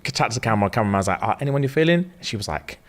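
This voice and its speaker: A man, co-hosting a podcast and telling a story in casual chat, slangy and acting out everyone's lines. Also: racing. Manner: animated, slangy, acts out quotes with big pitch jumps. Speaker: podcast co-host.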